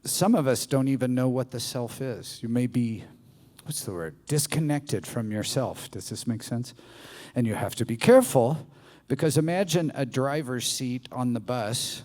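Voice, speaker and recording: A man from the American South giving a playful, animated live talk to an audience in a bar venue. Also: mid-range voice, moderate pace. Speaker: public speaker. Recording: venue reverb from live stage.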